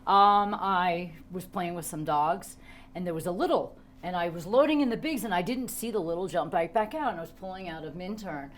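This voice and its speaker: A woman hosting a casual podcast chat, an emphatic and lively storyteller. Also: fairly low pitch, brisk, a little hiss or hum. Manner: lively, emphatic storyteller who laughs often. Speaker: podcast host.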